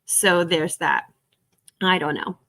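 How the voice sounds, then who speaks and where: A woman's voice: on the low side, slow, pushed and bright. A woman hosting a casual live stream while she works through resale stock, chatting and giggling with her viewers. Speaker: resale livestream host.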